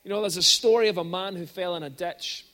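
A man preaching a sermon in a church, conversational with frequent restarts and animated storytelling. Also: sits high, brisk. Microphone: microphone at pulpit.

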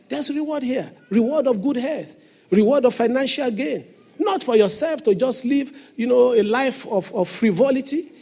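A man's voice: very high voice, warm tone, breathy edge. A man preaching a sermon as pastor in a church, with emphatic call-and-response questions to the congregation.

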